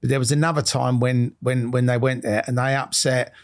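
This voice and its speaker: A man's voice: medium pitch, flat delivery, fairly quick. A man hosting a podcast interview, mostly giving short agreements and telling a brief anecdote. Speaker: podcast host. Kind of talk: casual interview chat.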